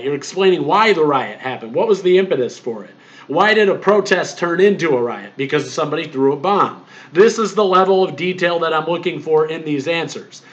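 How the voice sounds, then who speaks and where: A man with a fairly high voice lectures on exam expectations as a history instructor. He explains plainly and with emphasis, repeats himself often, and fills gaps with "uh" and "um." The recording sounds muffled and lo-fi.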